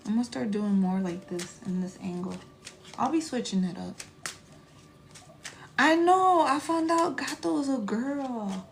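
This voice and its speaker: A woman in her thirties chatting casually on a live stream as a spiritual reader, animated and profane, with laughing asides. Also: a little high, measured pace, pauses often, slight background noise.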